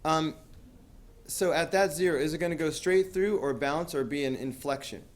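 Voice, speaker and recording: A man's voice: on the high side, normal speed. A man teaching a math class, talking casually with lots of fillers and asking students questions. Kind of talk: classroom lecture.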